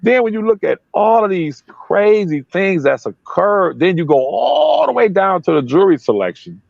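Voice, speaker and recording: A man talking casually on a live stream, telling stories in an animated way and mimicking other people. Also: high voice, normal speed, gravelly, no echo, dull audio. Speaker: guest on a live chat stream. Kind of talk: casual chat.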